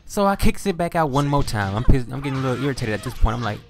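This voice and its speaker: A man's voice: medium pitch, big pitch swings, rapid-fire, music in the background. A man from Louisiana with a Southern US accent, telling stories in a laid-back, profane way. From Louisiana, Southern United States. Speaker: gaming video host. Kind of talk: casual storytelling over gameplay.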